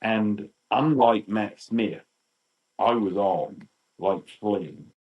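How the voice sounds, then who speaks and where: Animated British man telling fan stories. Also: on the low side, very slow, highs cut off, a little hiss or hum. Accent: British English. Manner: animated, acts out quotes. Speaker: podcast guest. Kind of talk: storytelling chat.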